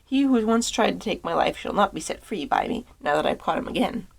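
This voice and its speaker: A woman's voice: mid-range voice, expressive, fast, gravelly. A woman voicing a clever, eager young schoolboy in a storybook reading. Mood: firm.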